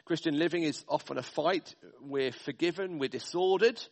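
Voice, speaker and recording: A man's voice: a little high, normal speed, vocal fry, in a large hall. A man preaching a sermon, working through slides with emphatic, list-like stresses. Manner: emphatic, speaks in stressed lists.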